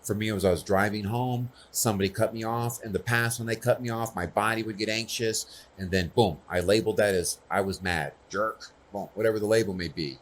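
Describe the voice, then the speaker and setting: A man's voice: fairly low pitch, a little fast, few pauses. A man speaking earnestly and personally at a conference, often checking in with the audience. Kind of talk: conversational conference talk.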